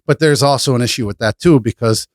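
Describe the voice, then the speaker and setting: A man talking as a podcast guest, blunt and animated, swearing freely as he tells stories about his business. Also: mid-range voice, fast talker, no echo, studio quality. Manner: blunt, profane, animated storytelling. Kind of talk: casual interview chat.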